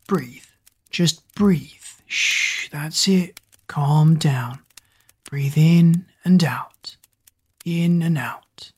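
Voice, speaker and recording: A woman doing a calm, commanding teenage boy. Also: low voice, a little slow, breathy edge. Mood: soothing. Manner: soothing, hushed, commanding.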